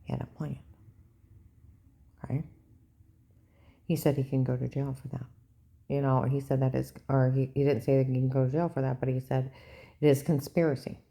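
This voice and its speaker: Older woman vlogger, low mellow voice, agitated and repetitive monologue. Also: level tone, moderate pace, creaky, pauses often. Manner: agitated, repetitive, keeps asking "okay?". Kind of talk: rambling personal monologue.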